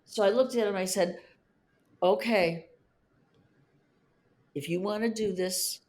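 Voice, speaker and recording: A woman in her fifties telling the story of her divorce on a podcast, animated, her voice climbing high when she is upset. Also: slow pace. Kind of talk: emotional personal storytelling.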